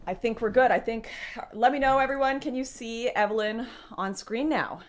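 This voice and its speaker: A woman's voice: a little high, normal speed, slight background noise. A young woman hosting a casual livestream, chatting to her viewers and laughing often. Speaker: livestream host.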